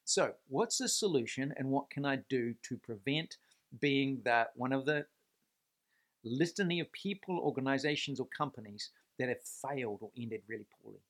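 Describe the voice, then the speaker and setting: A man's voice: medium pitch, animated, moderate pace, fairly bright tone. Earnest, emphatic man giving a faith talk. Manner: earnest, emphatic, asks rhetorical questions; stresses points by repeating words. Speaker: Christian leadership speaker. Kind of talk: faith-based leadership video talk.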